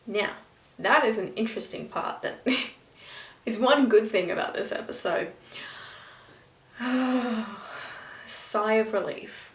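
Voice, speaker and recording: A woman reviews a TV episode in a casual vlog, rambling, exasperated, and sometimes stumbling over names. Her mid-range voice is unhurried, and the mic sits at a distance, a bit off her, in an echoey room.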